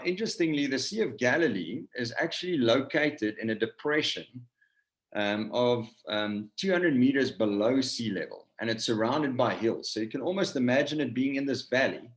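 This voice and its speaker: A South African man teaches a Bible passage to a group on a video call. He talks loosely and conversationally, full of fillers, and stops to put questions to his listeners. His voice sits in a middle pitch. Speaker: campus ministry leader.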